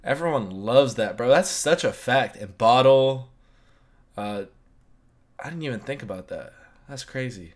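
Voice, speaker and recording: A man's voice: mid-range voice, animated, measured pace, pauses often. An American man hosting a reaction video, making blunt, joking asides. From United States. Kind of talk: casual reaction commentary.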